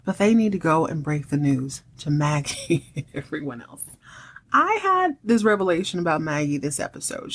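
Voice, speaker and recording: A woman in her thirties hosting a podcast, recapping a TV series in casual chat, wry and chatty. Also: on the low side. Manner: chatty and wry, acts out characters' lines in quick voices.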